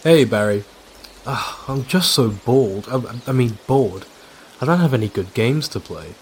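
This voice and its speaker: A man's voice: mid-range voice, lively intonation, unhurried, a little hiss or hum, lightly acted. A man voicing a bored, whiny young gamer in a comedy ad.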